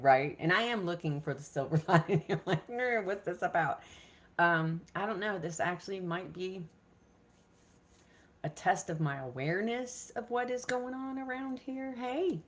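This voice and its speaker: A woman's voice: medium pitch, measured pace. A middle-aged woman, hosting a casual live stream from her kitchen, chatty and talking herself through her nerves. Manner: nervous, chatty, talks herself through worry. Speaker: homestead vlogger, live stream host. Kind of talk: casual live chat with viewers. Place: home kitchen.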